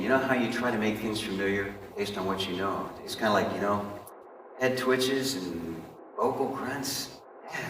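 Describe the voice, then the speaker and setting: On stage in a big hall, a performer with a lowish voice earnestly recounts his life story, speaking confidingly to his audience. The distant recording carries hall echo and background noise.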